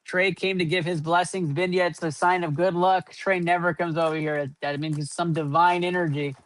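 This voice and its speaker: A man's voice: on the high side, fairly even intonation, normal speed, fairly bright tone, dry recording. A man hosting a live card-opening stream, rattling off running point totals and hyping up each pull. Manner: running tally of numbers, upbeat hype. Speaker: host.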